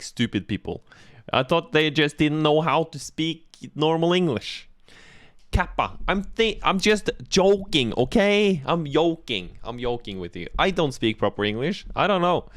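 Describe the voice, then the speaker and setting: A playful Norwegian man reacts to a video in casual commentary, and his pitch swings up and down as he jokes and laughs. The sound is dry and close, with no room around it. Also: fairly bright tone, no room sound. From Norway. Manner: playful, joking, laughs often.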